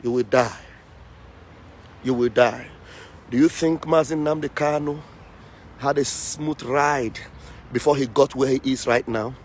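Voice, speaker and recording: A man's voice: mid-range voice, steady tone, unhurried, pauses often, slight background noise. A man giving an impassioned political speech, fiery and accusatory, hammering his points by repeating lines. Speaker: political activist.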